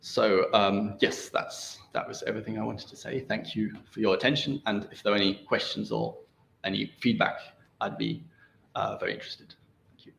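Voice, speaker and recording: A man's voice: lowish voice, level tone, moderate pace, vocal fry, a bit bright. A young man presenting his research at an academic seminar, hesitant with many ums and restarts, over a video call. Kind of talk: academic seminar talk and answers. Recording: roomy, faint noise.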